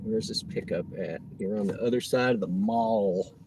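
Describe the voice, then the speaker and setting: A man with a lowish voice chats casually on a livestream from behind the wheel, reading out comments and muttering to himself between pickups. Road and engine noise hum clearly under his voice inside the car. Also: normal speed. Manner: chatty, reads chat aloud, talks to himself. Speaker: rideshare driver livestreaming. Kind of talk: casual livestream chat while driving.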